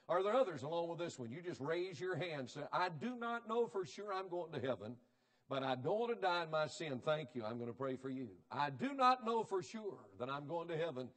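Evangelist man preaching in church; fiery climaxes, then quiet altar-call pleading, fairly high pitch. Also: expressive, brisk. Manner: swings from shouting climaxes to hushed pleading. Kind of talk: revival sermon and altar call. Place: church sanctuary.

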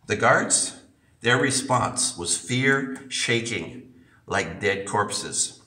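A man's voice: lowish voice, slow, bright, forceful tone. A man preaching a sermon, emphatic and repeating points for stress, in an echoey church heard from a distance.

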